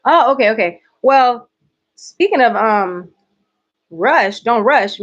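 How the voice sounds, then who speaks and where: A woman from Georgia with a light Southern accent, chatting playfully with her viewers in a casual livestream. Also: mid-range voice. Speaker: host.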